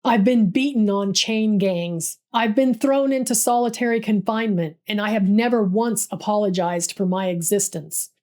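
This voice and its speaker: A woman playing a proud male civil rights organizer in a history storytelling piece, lowering her pitch a little. He speaks with a mid-Atlantic accent, each word measured and cutting. His dignity carries a bitter edge. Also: a little mellow, natural voice. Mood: defiant.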